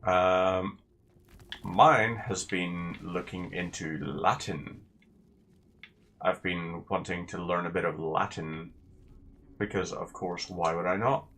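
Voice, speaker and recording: Deep-voiced man commenting on gameplay. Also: steady tone, slow, long pauses, a bit bright, a little hiss or hum. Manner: sarcastic, rambling asides to the viewer.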